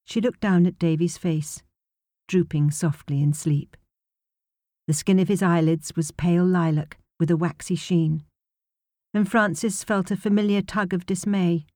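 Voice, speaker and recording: A woman narrating an audiobook in a measured, even storytelling manner, close to a studio mic. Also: on the low side, no room sound. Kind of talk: scripted narration.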